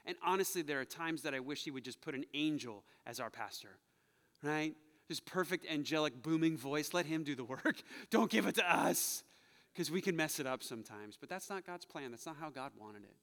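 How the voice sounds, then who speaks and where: A male pastor delivers a heartfelt, confessional sermon, driving points home through repetition, then prays with the church. His fairly high, expressive voice moves at a moderate pace with a fairly bright tone, echoing with long hall reverb in the sanctuary.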